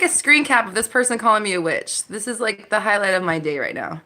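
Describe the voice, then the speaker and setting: Woman coach on a live stream through her phone, bright voice, big swoopy pitch, laughing and swearing casually. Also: expressive, brisk, hardly any pauses. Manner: laughs often, swears casually, reacts to chat comments. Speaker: live Q&A host, mindset coach.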